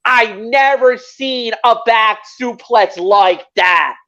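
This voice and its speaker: Slow, hesitant wrestling podcast co-host. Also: mid-range voice, pushed and bright, lo-fi sound. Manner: hesitant, with repeated words and fillers. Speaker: wrestling show co-host and lead commentator. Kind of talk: casual podcast recap.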